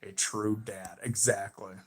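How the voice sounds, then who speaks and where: A man with a Southern accent hosting a livestream, chatting excitedly and emphatically with viewers, repeating his points. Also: lowish voice, a little slow, breathy edge. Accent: American Southern. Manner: excitable and emphatic, repeats himself, talks back to chat. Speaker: livestream host. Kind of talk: casual fan chat on a livestream.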